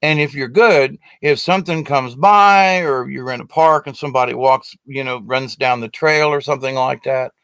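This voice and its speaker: Few pauses break the moderate flow of this medium-pitched male voice, which is clear, resonant, fairly bright and carries no room sound. Addressing a webcam aimed at him, he gives a casual, rambling lesson to a live stream audience, filled with fillers and restarts.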